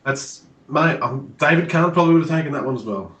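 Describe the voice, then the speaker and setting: A man's voice: fairly high pitch, animated, fast talker, fairly bright tone. A man co-hosting a podcast, teasing and bantering in casual sports chat. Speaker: podcast co-host. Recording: roomy echo.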